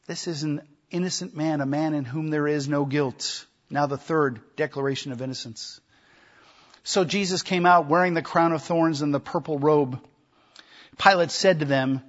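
A man's voice: fairly high pitch, moderate pace, dull audio. A man preaching a sermon, emphatic, with repeated phrases and rhetorical questions.

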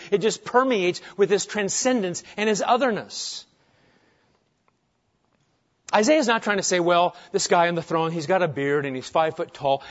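A man preaching a sermon, swinging between loud emphasis and hushed asides and asking the congregation rhetorical questions. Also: sits high. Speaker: pastor. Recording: dull lo-fi sound.

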